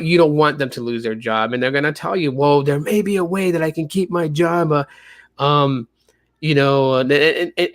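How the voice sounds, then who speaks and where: A man's voice: medium pitch, a bit bright, no echo. A man hosting a tech podcast in casual chat, rambling with many fillers and restarts. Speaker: podcast host.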